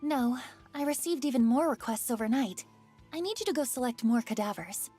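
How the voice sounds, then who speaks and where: A woman's voice: a little high, expressive, a little fast, husky, soft background music, voice pushed up. A woman voicing a cheerful, chatty young woman who runs a corpse business. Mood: upbeat. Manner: bright, chatty, upbeat.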